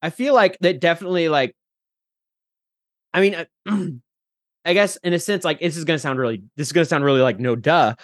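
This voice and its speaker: A man guest in a casual podcast chat, animated and jumping in and out of character voices. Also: fairly high pitch, brisk, pauses often, no room sound, clean studio sound. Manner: animated, slips into character voices mid-sentence.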